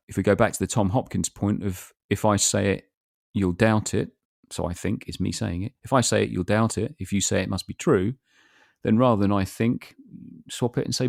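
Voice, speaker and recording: A man with a low, gravelly voice talks on his own podcast in a loose, reflective monologue. The sound is close and dry, with no room around it. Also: a little mellow, no echo. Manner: reflective, rambling, gives sales advice with example phrases. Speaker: podcast host.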